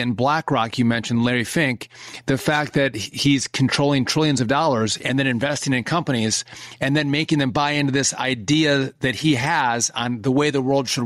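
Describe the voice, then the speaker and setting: A man's voice: mid-range voice, no room sound, clean studio sound. A man hosting an interview, rambling through his questions with many restarts. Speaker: interview host.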